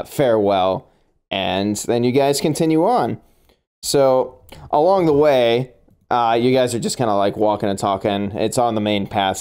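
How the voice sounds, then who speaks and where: A man narrating a tabletop game as game master, relaxed and laughing often, with plenty of fillers. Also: lowish voice, clean tone.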